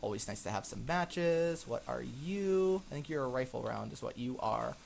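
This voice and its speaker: A man's voice: medium pitch, expressive, brisk, gravelly, slight background noise. A man narrating a survival game as he plays, easily frightened, gasping and exclaiming while he chats to his viewers. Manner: chatty, talking to viewers as he plays. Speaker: gaming channel host. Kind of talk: let's-play commentary.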